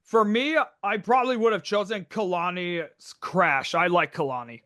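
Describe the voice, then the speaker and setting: A man's voice: high voice, normal speed, fairly bright tone, no room sound, clean studio sound. A young man hosting a casual podcast, brash and joking, swearing constantly. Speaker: podcast host. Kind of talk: casual profane podcast chat.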